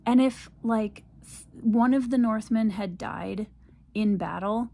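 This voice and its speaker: A woman's voice: a little high, slow pace, vocal fry, warm tone. A young woman talking casually to camera in a reading vlog, ranting in frustration and repeating herself. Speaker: book vlogger.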